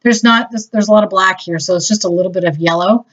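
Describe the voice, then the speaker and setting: A woman demonstrating crafts chats enthusiastically through a casual tutorial, poking a little fun at herself. Her voice is mid-range and quick. The lo-fi audio sounds slightly dull.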